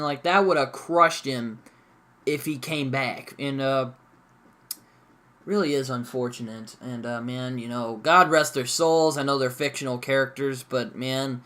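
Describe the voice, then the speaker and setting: A man's voice: a little high, sharp tone. A young man giving a casual, rambling review of a TV episode, full of fillers and mild swearing. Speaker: show reviewer.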